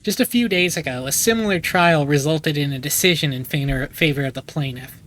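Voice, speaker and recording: Game read: a man playing a formal phone lawyer, measured, slightly high voice. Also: fairly bright tone, close to an everyday voice, poor audio. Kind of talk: reading game dialogue aloud.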